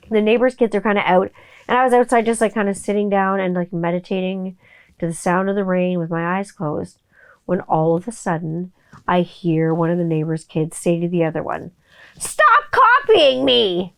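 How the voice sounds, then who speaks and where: A middle-aged woman hosting a casual solo podcast, chatty and profane, often breaking into high kid voices for quotes. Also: a little mellow, smooth. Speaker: podcast host.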